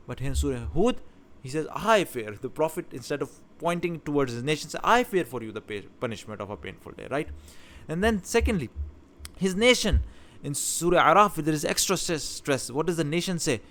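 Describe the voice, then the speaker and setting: A man's voice: on the high side, very animated, fairly quick, a bit bright. A man teaching about scripture in a talk, stressing key words with emphasis and often restarting his phrases. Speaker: religious teacher.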